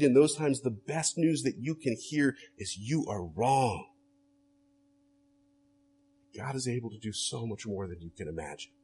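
Husky-voiced man preaching a sermon. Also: medium pitch. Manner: earnest preaching with rhetorical questions. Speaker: pastor.

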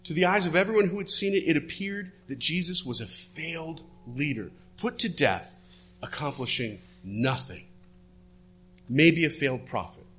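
A man preaching a sermon, retelling a story and dropping his voice low and soft for the quoted words. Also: lively intonation, normal speed, breathy edge. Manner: storytelling, drops to hushed tones for quoted words.

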